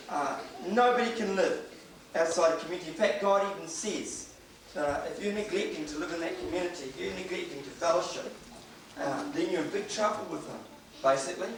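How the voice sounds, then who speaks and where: A middle-aged man, preaching a sermon and telling humorous stories from his family life. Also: on the high side. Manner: storytelling with humor, acts out quoted voices. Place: church hall. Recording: echoey hall, distant mic, audible noise.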